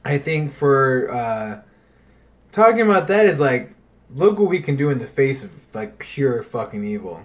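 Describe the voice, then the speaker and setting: A man co-hosting a podcast in casual chat, rambling and animated, swearing freely. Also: medium pitch, unhurried. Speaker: podcast co-host.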